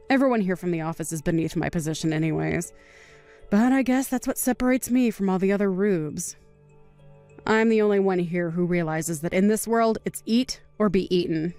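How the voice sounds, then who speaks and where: A woman's voice: lowish voice, a little mellow, natural voice. A woman voicing an arrogant young female office worker who mocks and taunts others in a voiced story drama. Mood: smug. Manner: sneering, taunting, laughs at others.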